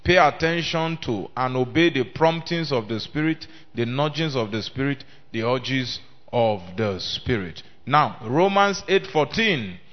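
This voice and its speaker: A male preacher delivering a sermon, swinging between loud emphatic declaiming and quieter talk, calling on the congregation to respond. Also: medium pitch, lively intonation, unhurried, few pauses. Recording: dull lo-fi sermon recording.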